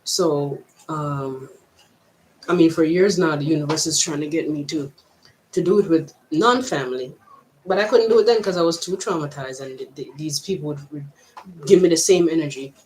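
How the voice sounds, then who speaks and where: Halting woman with an American-Jamaican accent. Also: sits low, a little mellow, slight background noise, rough recording. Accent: mix of American and Jamaican. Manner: reflective, halting, thinking aloud with frequent restarts. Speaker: vlogger. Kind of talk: personal vlog monologue.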